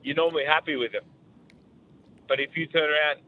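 A man's voice: fairly high pitch, fairly quick, long pauses. An Australian man calling in with a casual, swearing voice message. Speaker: caller. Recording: tinny phone-quality voice message.

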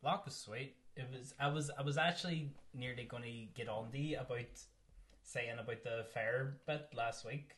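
Male podcast co-host, relaxed rambling film chat, mid-pitched, laughs a lot. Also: moderate pace. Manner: rambling, laughs often, trails off.

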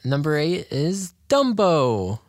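A man in casual chat, retelling movie plots with lots of laughter and animated quoted lines. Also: a little high, slow pace, no room sound, studio quality. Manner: animated storyteller, laughs often.

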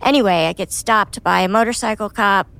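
Frank, expressive woman host chatting. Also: medium pitch, fairly quick, gravelly. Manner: frank, expressive, swears when annoyed. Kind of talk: casual conversational chat.

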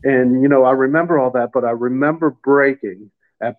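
A middle-aged man tells a personal story in an unhurried, halting way. He repeats words and sounds close to tears. The sound is thin and tinny, like a phone line. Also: medium pitch, fairly even intonation. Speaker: guest telling his faith story. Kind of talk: casual storytelling.

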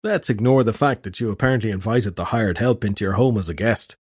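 A man's voice: fairly low pitch, fast, a little mellow, husky, dry recording, clean studio sound. A man playing a sly, cool fairy trickster. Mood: cool, lecturing.

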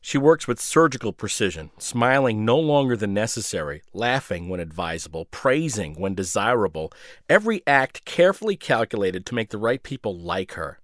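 Male radio host, sardonic story reader, lively low voice. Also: no echo, clean studio sound. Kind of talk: reading his own short story.

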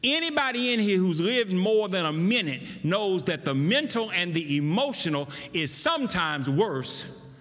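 A man's voice: high voice, sing-song, moderate pace. Preacher guy in a big church, voice swoops all over, echo hangs in the hall. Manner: dramatic swings between loud emphasis and hushed tones. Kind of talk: sermon. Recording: long reverb of a large hall.

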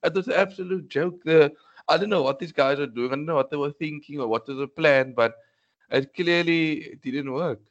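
Exasperated football fan on dull audio. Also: male voice, fairly high pitch, moderate pace. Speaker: football podcast co-host. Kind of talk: casual football chat.

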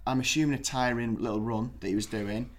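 A man's voice: mid-range voice, steady tone, quick pace. A young man co-hosting a casual football podcast, telling a rambling anecdote with frequent restarts. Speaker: podcast co-host.

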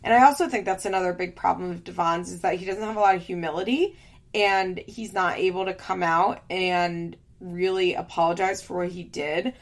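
Gravelly-voiced woman chatting frankly. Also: on the low side, fairly even intonation, normal speed. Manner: frank and opinionated, swears casually, fillers like "like". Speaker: reality TV recap host. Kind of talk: casual recap chat.

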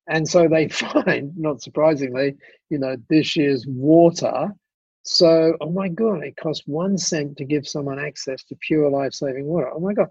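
Male guest storyteller, husky, fairly high voice, dull muffled recording. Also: normal speed, no echo. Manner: animated storyteller, many restarts and asides. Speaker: guest speaker. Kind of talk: telling an anecdote in conversation.

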